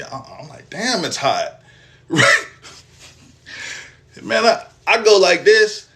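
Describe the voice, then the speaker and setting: A young man, telling a personal story in casual, profane, animated style. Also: deep voice. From Texas, US. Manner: animated, profane storytelling with acted-out quotes and laughs.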